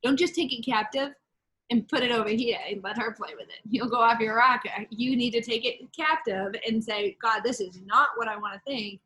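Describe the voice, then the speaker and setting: Husky-voiced woman in animated faith chat. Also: a little high, normal speed, low-quality recording. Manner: animated, laughing, storytelling with quoted asides. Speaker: podcast host.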